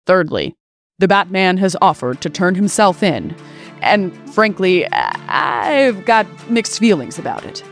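A woman voicing a serious male district attorney who speaks in a booming, formal way to a press conference, in a comedic spoof story. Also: big pitch swings, measured pace, soft background music.

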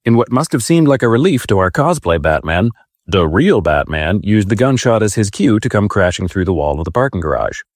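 A man giving a deadpan comic narration with a dry, wry delivery and mock-formal wording. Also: lowish voice, a little fast, dry recording.

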